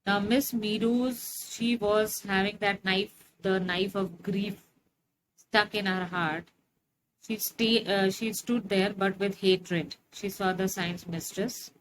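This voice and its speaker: A woman teacher talks through a story line by line at an unhurried pace, pausing on fillers as she explains. Her voice sits at a middle pitch. A steady noisy hiss runs under the recording. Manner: slow, explanatory, frequent fillers. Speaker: English teacher.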